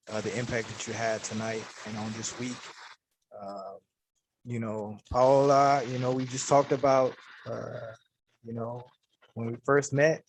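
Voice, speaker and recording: A man on a video call giving earnest, affectionate shout-outs to his staff and teams, often pausing with hesitations. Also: mid-range voice. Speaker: event organizer. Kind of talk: heartfelt shout-outs on a livestream.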